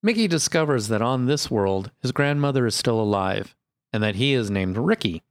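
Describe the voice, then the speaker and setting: A man's voice: mid-range voice, lively intonation, dry recording. Laughing American man, dry sound. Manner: chatty, quick to laugh. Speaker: podcast co-host. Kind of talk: casual chat and episode recap.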